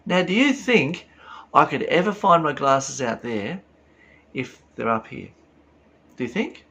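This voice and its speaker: A man's voice: a little high, expressive, measured pace, vocal fry, a bit bright. A man giving a reflective spiritual talk, earnest and full of rhetorical questions. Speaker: spiritual teacher.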